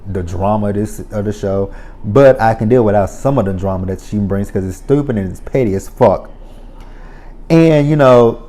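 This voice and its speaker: A man's voice: medium pitch, warm tone. A man giving a casual spoken recap of a reality show, blunt and profane, ranting with exasperation.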